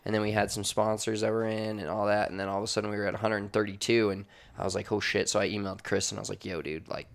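Brash male podcast co-host, lowish voice, swears casually, rambling storyteller. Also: completely flat delivery, racing, vocal fry, hardly any pauses. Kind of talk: casual chat and read sponsor spot. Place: makeshift studio office.

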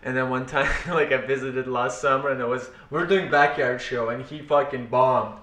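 A man's voice: medium pitch, moderate pace, crowd noise. Man telling stories in a roomy echo. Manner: animated storyteller, swears a lot. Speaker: stand-up comic, podcast co-host. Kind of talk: casual chat.

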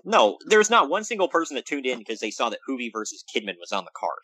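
Fast and a little breathy, this man is heard on a dry, low-quality recording. He's recapping wrestling as a casual podcast co-host, full of jokes and dramatic shifts in pitch.

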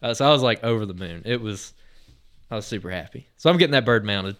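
A man's voice: on the low side, fast, clear, resonant tone. A man hosting a podcast, telling a long anecdote in a casual, rambling way, full of fillers and restarts. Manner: rambling, filler-heavy retelling with many restarts; lively, excited anecdote telling. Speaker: podcast host.

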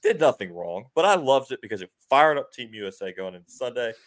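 A man hosting a sports podcast recaps games upbeat and laughing, with lots of fillers. His voice is mid-range and very animated, at a quick pace.

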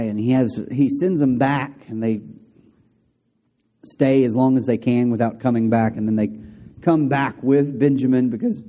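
A man preaching a sermon to a congregation, telling a story in a conversational, animated way with asides to the listeners. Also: mid-range voice. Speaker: pastor.

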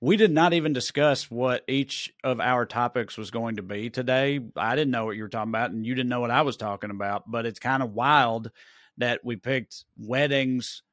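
A man's voice: medium pitch, fairly bright tone, dry recording, studio quality. A man co-hosting a casual podcast, joking along and chiming in with easy banter. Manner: laid-back, joking banter with quick agreement. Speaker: podcast co-host.

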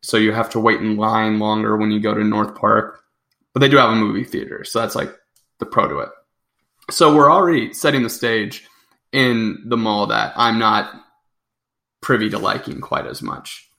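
A man's voice: lowish voice, fairly even intonation, normal speed, creaky, bright, forceful tone. A young adult man co-hosting a podcast, chatting casually and rambling with frequent self-corrections. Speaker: podcast co-host. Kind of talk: casual chat.

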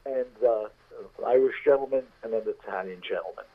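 A man's voice: medium pitch, fairly quick. An older man and guest storyteller, telling an anecdote unhurriedly and acting out the characters over a tinny phone line.

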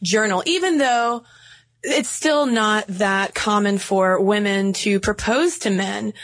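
A woman's voice: medium pitch, slow pace, a bit bright. A woman co-hosting a podcast in casual chat, playful, reading quotes aloud with mock drama. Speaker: podcast co-host.

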